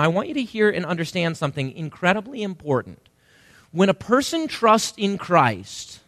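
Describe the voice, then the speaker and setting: A man's voice: sits high, fairly bright tone, no echo, clean studio sound. A male pastor preaching an emphatic sermon and asking the congregation questions.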